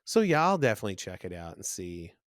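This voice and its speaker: A middle-aged man co-hosting a podcast in casual chat, telling relaxed anecdotes. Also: low voice, fast talker, dry recording, studio quality. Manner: easygoing, anecdotal, breaks into loud mock rants. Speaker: podcast co-host.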